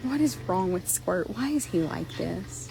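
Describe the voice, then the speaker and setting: A woman's voice: on the low side, unhurried, vocal fry, a little hiss or hum. Chatty woman filming horses outdoors. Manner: animated, chatty, swears freely, laughs a lot. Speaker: horse trader and channel host. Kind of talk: casual vlog commentary while filming. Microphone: handheld phone camera.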